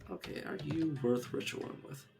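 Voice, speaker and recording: A man's voice: fairly high pitch, normal speed, creaky, over music. A man streaming a game live, talking casually and thinking aloud as he plays. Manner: muttering and thinking aloud while playing. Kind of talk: casual live gameplay commentary.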